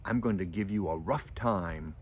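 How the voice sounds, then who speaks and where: Grandpa doing a loud gruff rhinoceros. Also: male voice, sits low, moderate pace. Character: big boastful male rhinoceros, rough then giggly.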